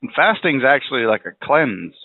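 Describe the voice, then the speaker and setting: A man's voice: mid-range voice, very animated, moderate pace, slight background noise. A man hosting a podcast, rambling bluntly and swearing freely while driving in a car. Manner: rambling, profane, blunt opinions. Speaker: podcast host. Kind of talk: casual monologue. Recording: tinny phone-like audio.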